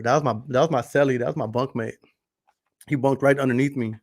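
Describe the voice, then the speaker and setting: A Texan man hosting a late-night podcast, talking loosely and profanely. He loops back on his words for emphasis and spins stories at an easy middle pitch. The sound is dry and close. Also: fairly even intonation, a little fast, dry recording. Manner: profane, storytelling, repeats phrases for emphasis. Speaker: podcast host.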